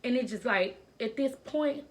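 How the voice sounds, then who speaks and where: A woman's voice: on the high side, moderate pace. A young adult woman telling a personal story in a vlog, speaking in an earnest, emotional way.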